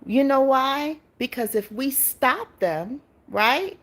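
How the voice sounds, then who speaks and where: A woman's voice: high-pitched, lively intonation, takes it slowly, fairly bright tone. A woman hosting a casual livestream, chatting with her viewers, reading out their comments and laughing often. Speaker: livestream host.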